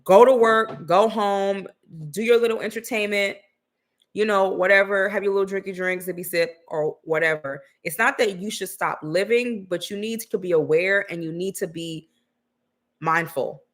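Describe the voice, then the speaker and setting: A woman's voice: medium pitch, normal speed. A woman co-hosting a podcast, talking in a blunt, sassy, slangy way with casual swearing. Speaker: podcast co-host. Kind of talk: casual commentary chat.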